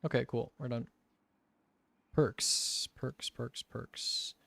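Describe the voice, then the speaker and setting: Young male streamer, slow and gravelly, muttering sums aloud with casual swearing. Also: medium pitch, fairly even intonation, a bit bright, no echo. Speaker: gaming streamer. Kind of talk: casual game commentary while testing.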